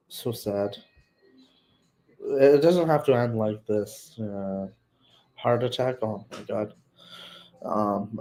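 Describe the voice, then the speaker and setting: A man hosting a casual solo livestream, talking in a soft, somber, hesitant way and searching for words. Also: mid-range voice, rough recording. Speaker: livestream host.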